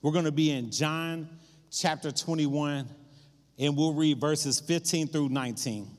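A man preaching a sermon, retelling scripture in an animated storytelling way and acting out the voices of its people. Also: a little high, unhurried. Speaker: pastor. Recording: long hall reverb.

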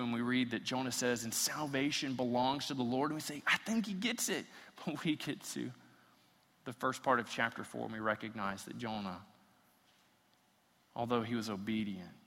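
Bright-voiced preacher in a reverberant hall. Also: male voice, mid-range voice. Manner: reads scripture aloud, acts out quotes with rising intensity. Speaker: pastor. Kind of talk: sermon.

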